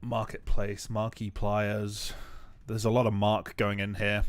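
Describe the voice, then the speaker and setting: A young man streams his game-building in a relaxed, rambling way, joking to himself and filling gaps with ums and uhs. His voice sits low and his pace is slow and drawn out. The sound is dry and close, with no room around it. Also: no echo. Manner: rambling, joking self-talk with many fillers. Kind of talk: casual live-stream commentary while building.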